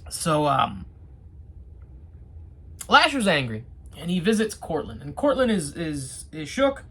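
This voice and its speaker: A TV reviewer talks through an episode in a lively, swooping voice with a husky edge. The delivery is casual and full of sarcastic asides and restarts. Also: mid-range voice, takes it slowly.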